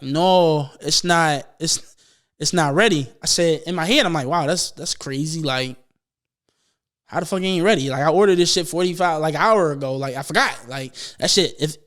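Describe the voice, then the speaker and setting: A young man telling a long, profane, laughing story on a casual podcast. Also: a little high. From Philadelphia. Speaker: podcast host.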